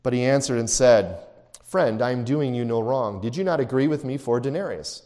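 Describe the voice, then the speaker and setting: A man's voice: mid-range voice, a little fast, warm tone, big-room sound. A man preaching a sermon, reading scripture aloud and explaining it, sometimes acting out the people he quotes. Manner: expository preaching, reads scripture then explains it; acts out quoted voices, snooty for the Pharisee. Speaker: pastor.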